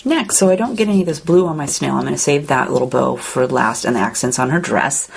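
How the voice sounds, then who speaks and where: A woman calmly talking through a step-by-step card-coloring tutorial, describing each stroke as she works. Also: a bass voice, fast talker, vocal fry, slightly rough. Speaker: card-making instructor.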